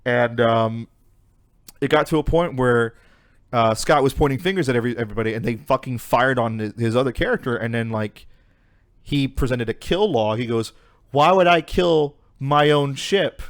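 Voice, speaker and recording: A man's voice: medium pitch, moderate pace. A young man co-hosting a podcast, retelling a story in casual chat with lots of swearing and fillers. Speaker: podcast co-host.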